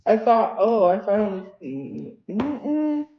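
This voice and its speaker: Slow-talking exasperated woman venting. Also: mid-range voice, very animated, reverberant, highs cut off. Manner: venting, exasperated, lots of fillers. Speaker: livestreamer. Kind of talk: casual venting livestream chat.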